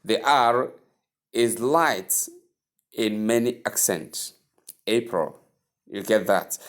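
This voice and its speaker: A man teaching English pronunciation, repeating each word several times and giving patient advice. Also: lowish voice. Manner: slow, repetitive drilling of words; patient, advising tone.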